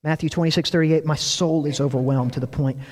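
High-voiced man preaching in a hall. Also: a little fast, slight background noise. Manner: animated storytelling, acts out quoted lines. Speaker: pastor. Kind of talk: sermon.

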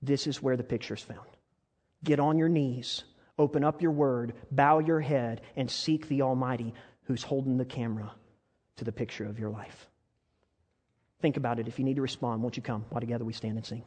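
A man preaching a sermon, telling stories with passion and sometimes dropping to a soft, intimate voice. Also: mid-range voice, steady tone, brisk. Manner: impassioned storytelling that drops to soft, intimate tones. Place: church sanctuary. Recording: long reverb of a large church hall.

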